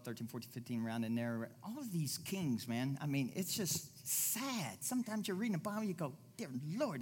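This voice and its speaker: A man preaching a conversational sermon as pastor, repeating his phrases and moving between loud declarations and soft, low asides. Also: a little hiss or hum.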